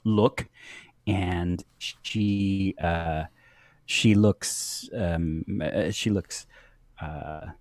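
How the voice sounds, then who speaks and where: A man narrating as game master of a tabletop game, halting with many pauses and fillers. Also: deep voice, fairly even intonation, darkish tone, no room sound. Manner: halting, many ums and uhs, laughs often.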